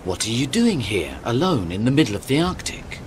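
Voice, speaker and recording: An actor playing a calm, careful ship captain in an audio drama, asking measured questions. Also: male voice, mid-range voice, background noise, lightly acted. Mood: steady. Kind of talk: radio drama acting.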